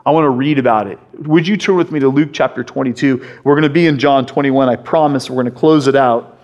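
A man's voice: medium pitch, fast talker, darkish tone, highs cut off. A man preaching a sermon as a pastor, passionate and emphatic, often restarting his phrases as he pushes a point.

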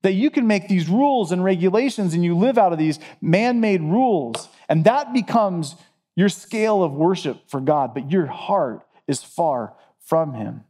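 A man's voice: sits high, expressive, a little slow, warm tone. A man preaching a sermon, earnest and emphatic, repeating phrases to drive points home. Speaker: pastor.

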